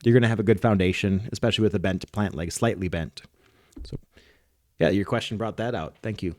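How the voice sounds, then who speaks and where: A man's voice: fairly low pitch, a little fast, no room sound, clean studio sound. A man co-hosting a soccer podcast, explaining technique while demonstrating it in a casual, instructional way. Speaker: soccer coach and podcast co-host.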